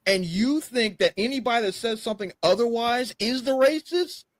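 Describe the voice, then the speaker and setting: A man's voice: very high-pitched, moderate pace, no echo. A man co-hosting a casual podcast, mocking and joking with the others. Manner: mocking, lively, laughs often. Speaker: podcast co-host.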